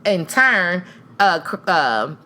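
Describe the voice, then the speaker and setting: A woman with a very low but bright, forceful voice co-hosts a casual podcast, dropping quick agreements and teasing questions. Faint hiss and keyboard typing sit behind her. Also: very animated. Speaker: podcast co-host. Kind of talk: casual chat.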